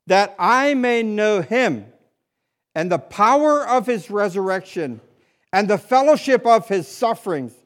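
A male pastor preaching with a high-pitched voice. He swings between loud, urgent appeals and hushed, low asides. His phrases repeat in a steady preaching cadence. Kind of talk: sermon.

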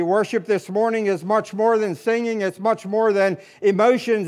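High-voiced male pastor preaching. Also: steady tone, unhurried, hardly any pauses. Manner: swings between loud urgent appeals and hushed low asides; repetitive preaching cadence. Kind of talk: sermon.

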